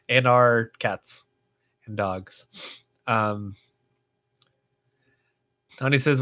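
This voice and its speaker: Bright-voiced man chatting on a livestream. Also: mid-range voice. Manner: chatty, rambling, reads viewer comments aloud with frequent fillers. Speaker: livestream host. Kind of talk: casual livestream chat reading comments.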